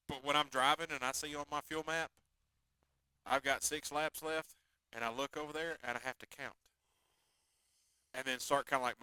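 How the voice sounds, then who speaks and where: A laid-back man hosting a radio talk show in a drawl, teasing his co-host in casual chat. His voice is bright and forward, and the studio sound is dry and close. He speaks at a mid pitch. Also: smooth, dry recording, rough recording.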